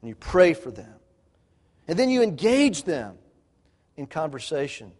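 A man's voice: measured pace, breathy edge. Man preaching in a reverberant hall. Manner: animated preaching, acts out quotes, drops to soft low asides. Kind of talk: sermon.

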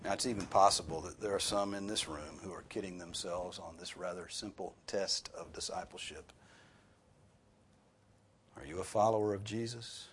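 A man's voice: deep voice, normal speed, a bit bright, slight background noise. A man preaching a sermon as pastor, earnest and rising sharply for emphasis on key points.

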